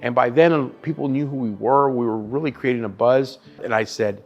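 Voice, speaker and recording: A man in his thirties, a barbecue chef, telling stories in a casual interview, animated and profane. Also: on the low side, brisk, few pauses, soft background music. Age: 30s.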